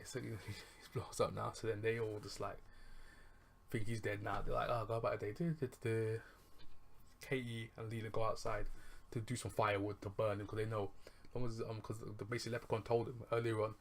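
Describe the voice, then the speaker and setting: A movie reviewer with a lowish, creaky voice casually retells a film's plot, rambling, chuckling and correcting himself along the way. The recording carries a little hiss or hum.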